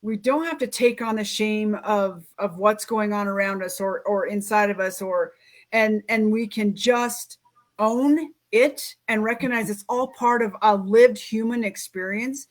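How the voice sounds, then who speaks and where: A woman's voice: mid-range voice, unhurried. A woman hosting a casual conversation, speaking earnestly and reflectively with frequent restarts. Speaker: host. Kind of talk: casual interview chat.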